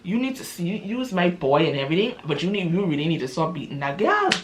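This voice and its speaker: A woman's voice: lowish voice, sing-song, fast, noisy background. An earnest young man, voiced by a woman storyteller, pleading and scolding a friend. His voice rises and dips with feeling. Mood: concerned.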